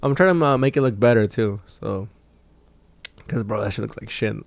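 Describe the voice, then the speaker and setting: A man's voice: lowish voice, moderate pace, vocal fry, no room sound. A young man and stand-up comic hosting his own podcast, telling a rambling, profane story in casual chat. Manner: profane, rambling, animated when quoting people.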